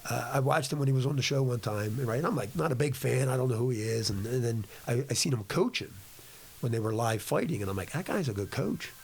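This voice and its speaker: Gravelly husky middle-aged man. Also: medium pitch, animated, fast. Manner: rambling storyteller, gruff and blunt. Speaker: guest. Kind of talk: casual chat.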